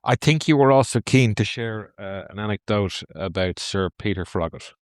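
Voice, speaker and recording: Male interviewer, low voice, courteous and guiding. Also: lively intonation, moderate pace, clear, resonant tone, no room sound, clean studio sound. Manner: polite, steering the conversation. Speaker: podcast host. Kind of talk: interview questions.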